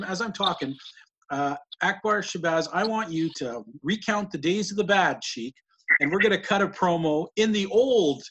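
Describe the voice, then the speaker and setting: Husky-voiced male interview host. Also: fairly high pitch, a bit bright. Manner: rambling, admiring, with many restarts. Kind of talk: casual interview talk.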